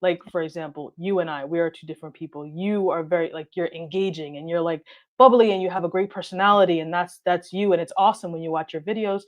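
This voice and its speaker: A woman guest chatting in an interview, talking in a steady, direct way that she calls monotone and thinking aloud with frequent restarts. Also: on the low side, quick pace, muffled recording. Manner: calls her own delivery monotone, straight and direct; reflective, talks things through with frequent restarts. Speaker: guest, car detailing video creator. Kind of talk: casual interview conversation.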